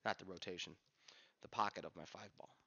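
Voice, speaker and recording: Gravelly man coaching pool aloud. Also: sits low, steady tone, fairly quick, pushed and bright. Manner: thinking aloud, candid, coaching. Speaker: pool instructor. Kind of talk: instructional commentary while playing. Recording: lo-fi dull sound.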